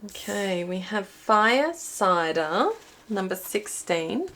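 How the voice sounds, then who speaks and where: A woman's voice: medium pitch, lively intonation, slow, fairly bright tone. A woman giving a pick-a-card reading to viewers, chatty and thinking aloud as she pulls cards while filming herself. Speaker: intuitive card reader. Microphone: filming herself while watching a small screen.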